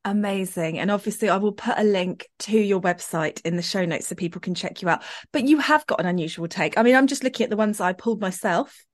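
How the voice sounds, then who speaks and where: A woman's voice: mid-range voice, fast, few pauses. A British woman hosting an online interview, effusive and joking in casual chat. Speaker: podcast host.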